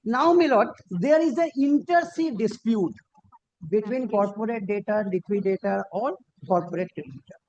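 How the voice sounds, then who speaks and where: A man arguing formally before a judge as an advocate, deferential and halting, with frequent restarts and emphatic rises on key points. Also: high voice, lively intonation, a little mellow, muffled recording. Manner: deferential, peppered with repeated formal address to the bench. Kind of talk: formal courtroom argument. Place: courtroom.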